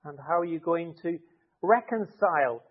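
A man with a rather high voice preaches in a church, talking the congregation through his points with simple what-if examples. The sound is thin and boxy, as if heard down a phone line. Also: animated, normal speed, breathy edge. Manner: explains with everyday hypothetical scenarios. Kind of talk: conversational sermon. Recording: tinny narrow-band sound.

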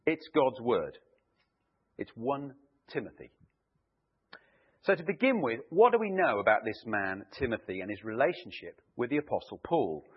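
A man preaching a sermon and reading scripture, with an emphatic delivery that slows to stress key words. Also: medium pitch, very animated, husky, highs cut off.

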